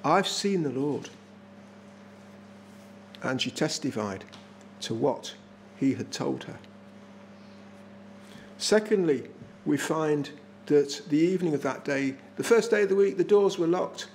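An English man delivers a sermon from a small village church pulpit in a notably high voice. He speaks earnestly, leaning on repeated phrases to press his points home. A faint hiss sits under the recording. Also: expressive, slow pace, pauses often, a little mellow. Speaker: preacher.

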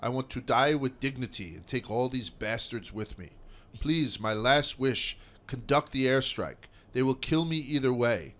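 A man voicing a doomed young male Russian soldier with a put-on Russian accent, speaking in a solemn, measured way. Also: medium pitch, fairly bright tone, natural voice.

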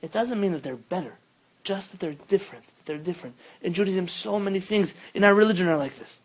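Animated rabbi teaching a lesson. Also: male voice, high-pitched, fast, low-quality recording. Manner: animated storytelling, rising loud when quoting; mixes Hebrew terms into English. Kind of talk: informal Torah lesson.

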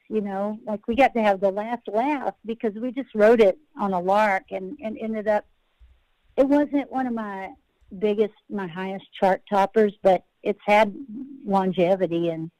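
A woman's voice: medium pitch, normal speed, mellow, dry recording, poor audio. A woman country singer-songwriter, a podcast guest, telling rambling, self-interrupting stories and laughing at her own tales.

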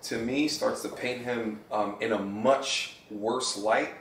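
A man in a podcast discussion, talking in a measured, hedging way as he thinks aloud. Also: medium pitch, steady tone, fairly bright tone, roomy sound, far from the mic, rough recording.

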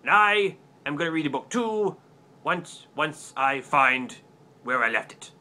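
A man's voice: fairly high pitch, animated, unhurried, pushed and bright, exaggerated voice. A man playing a clueless, forgetful book-review host who rambles eagerly in a comic web sketch. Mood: earnest muddle.

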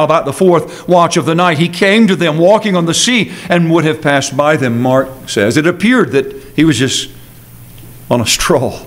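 A man preaching an earnest, emphatic sermon with dramatic pauses, as pastor in a church sanctuary. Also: a little high.

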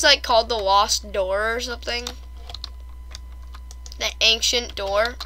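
A young woman chatting casually over her own gameplay, excitable and quick to gasp and squeal at her failures. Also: on the high side, slight background noise. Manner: excitable, shrieks and gasps at fails. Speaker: gamer.

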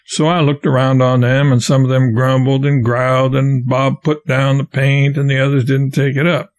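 A man narrating an audiobook of a classic novel in a steady, plain storytelling way. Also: medium pitch, normal speed, hardly any pauses.

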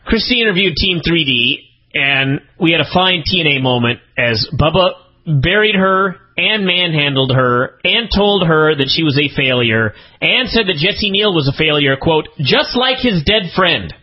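A man with a high, animated voice reviews wrestling in casual, exasperated podcast chat. His tone is a little husky. The lo-fi audio sounds muffled. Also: moderate pace. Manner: exasperated, incredulous, swings pitch up for emphasis.

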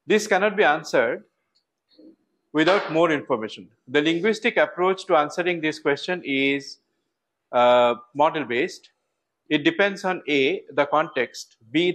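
A man's voice: a little high, fairly bright tone, low-quality recording. A man giving a university lecture, thinking aloud with fillers and restarts. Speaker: professor.

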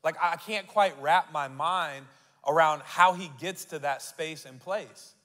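A male pastor preaching a sermon, reading scripture aloud and building to loud declarations. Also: on the high side, measured pace. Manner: reads scripture aloud and asks the crowd to repeat. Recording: long hall reverb.

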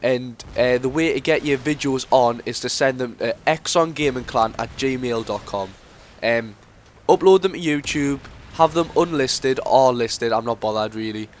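A man's voice: medium pitch, moderate pace, a little hiss or hum. A teenage boy, giving casual game commentary that rambles into sweary rants. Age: teens. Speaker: gameplay commentator.

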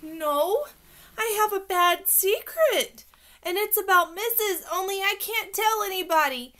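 Lady doing a shouty little kindergarten girl for a storybook, super high and bright. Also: expressive, moderate pace. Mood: earnest. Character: loud excitable kindergarten girl. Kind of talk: audiobook character voice.

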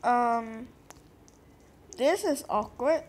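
High-voiced young woman panicking through a game. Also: steady tone, slow pace, long pauses, fairly bright tone, slight background noise. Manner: jumpy, frequent panicked exclamations, mutters to herself. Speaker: gaming video creator. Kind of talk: casual gameplay commentary.

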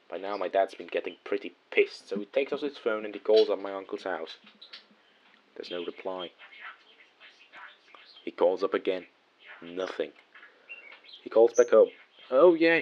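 Deep-voiced man narrating a horror story. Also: a little hiss or hum, rough recording.

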